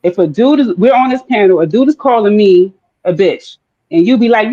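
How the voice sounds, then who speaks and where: Woman arguing on a panel, lots of um's, pops up high for quotes, kinda dull muffled audio. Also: brisk. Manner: animated, acts out quoted voices, many fillers. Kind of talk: casual debate.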